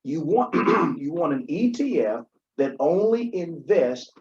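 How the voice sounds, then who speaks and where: A man co-hosting a podcast, his voice on the higher side for a man. He explains money matters emphatically, repeating key points and checking in with the listener. The recording sounds dull and lo-fi. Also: very animated, slow pace, a little mellow. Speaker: podcast co-host. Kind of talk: conversational financial advice.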